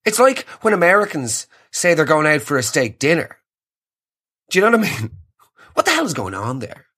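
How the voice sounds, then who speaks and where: A man's voice: on the high side, wildly swooping pitch, moderate pace, pushed and bright. An Irish man hosting a comedy podcast, ranting sarcastically and riffing on listener messages. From Ireland. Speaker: podcast host. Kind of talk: comedic rant.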